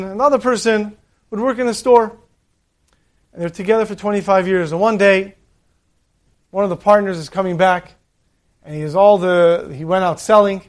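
High-voiced man telling a story sermon. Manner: animated storyteller acting out characters' voices. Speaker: rabbi. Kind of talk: sermon with told stories.

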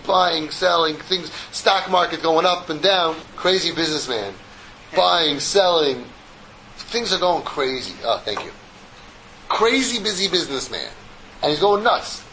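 A man giving a Torah lecture to a group as rabbi, an animated storyteller who slips in jokes. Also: fairly high pitch, vocal fry, slight background noise, poor audio.

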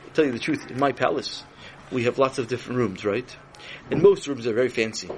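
A man's voice: medium pitch, background noise, lightly acted. A man doing a courteous, gracious foreign king. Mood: friendly. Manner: formal, courteous, with many pauses and restarts.

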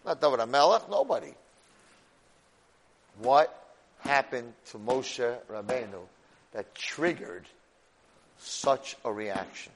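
A man's voice: mid-range voice, lively intonation, slow, pauses often, slight background noise. A man teaching a Torah class, speaking expressively and directly to his students, mixing in Hebrew terms. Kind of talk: animated Torah lecture.

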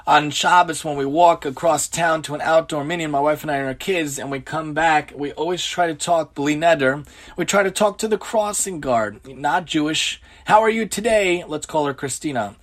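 A man's voice: fairly high pitch, moderate pace, a bit bright. A man giving an earnest religious lecture on daily conduct, asking rhetorical questions and mixing in Hebrew and Yiddish terms. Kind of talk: Torah lecture on everyday conduct.

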